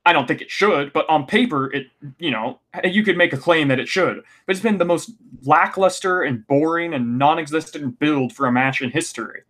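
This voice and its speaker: A man's voice: on the high side, normal speed, hardly any pauses, fairly bright tone. A man hosting a casual podcast recap, ranting and exasperated, with frequent fillers and restarts. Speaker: podcast host.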